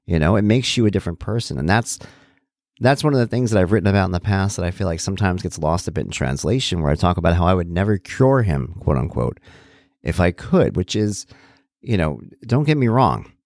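A man's voice: deep voice, animated, a little fast, a little mellow, no room sound, clean studio sound. A man hosting a solo talk, reflecting conversationally with many asides and restarts. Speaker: podcast host, parent.

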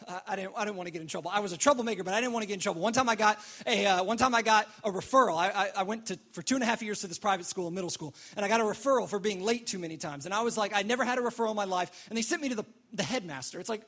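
Animated high-voiced young preacher. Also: male voice, very fast, hardly any pauses. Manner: animated storytelling, acting out reactions. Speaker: pastor. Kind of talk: sermon.

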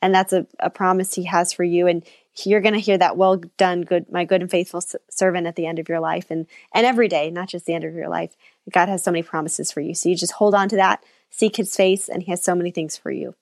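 A woman co-hosting a live stream, praying for viewers and encouraging them in a gentle way. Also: lowish voice, steady tone, fast talker, gravelly, no echo, clean studio sound. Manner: gentle, encouraging, soft affirmations.

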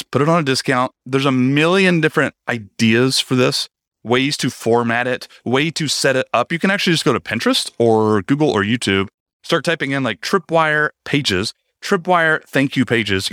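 A man coaching the viewer on online business in an emphatic, energetic way, talking straight to them with casual, slangy asides. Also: mid-range voice, dry recording, clean studio sound. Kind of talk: direct-to-camera teaching monologue.

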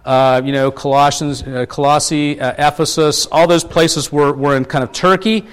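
A man's voice: on the high side, fairly even intonation, moderate pace, clean tone. Chatty male preacher quizzing his congregation. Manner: chatty, asks the congregation questions; many fillers and restarts. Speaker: pastor. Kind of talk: conversational sermon.

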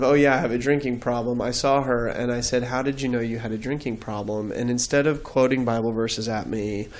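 A man speaks as a guest in an interview. He talks earnestly and reflectively, with a mid-pitched voice, recorded on a studio mic. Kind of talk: faith interview storytelling.

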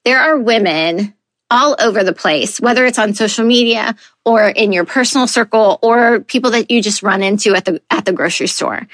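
A woman's voice: medium pitch, a bit bright, no echo. Woman podcast host in her thirties: chatty, earnest, loose with fillers, on a close, dry mic. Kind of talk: casual solo podcast talk.

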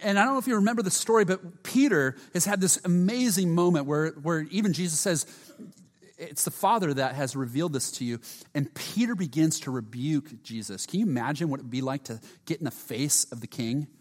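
Earnest preacher in a reverberant hall. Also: male voice, on the high side, brisk. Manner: earnest, often drops to a hushed voice; repeats words and restarts often. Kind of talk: sermon.

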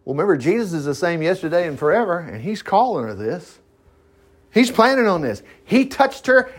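Animated male Bible teacher, chatty reading with asides, somewhat high, very expressive. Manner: animated, breaks into asides and acted-out voices. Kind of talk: informal Bible reading with commentary.

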